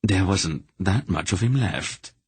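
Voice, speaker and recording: Wry thief, dry understatement, read by a man, low husky voice, storybook. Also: expressive, slow, no echo, full character voice. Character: sly wiry male thief, sardonic.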